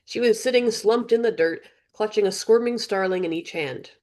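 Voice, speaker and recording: A woman reading her own fantasy audiobook in an even storytelling narration. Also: mid-range voice, moderate pace. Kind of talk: scripted narration.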